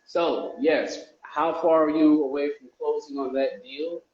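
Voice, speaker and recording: A man's voice: on the high side, fairly even intonation, a little slow, darkish tone. Chatty man in an echoey room. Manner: loose, rambling, chatty, with frequent restarts. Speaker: real estate investor. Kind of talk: casual vlog talk to viewers. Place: indoors, a warm room. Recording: echoey room, dull lo-fi sound.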